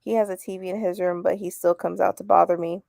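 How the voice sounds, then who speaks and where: A woman's voice: on the low side, level tone, quick pace, gravelly, darkish tone, no room sound, studio quality. A woman, hosting a casual livestream chat, laughing often and reading comments aloud. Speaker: host.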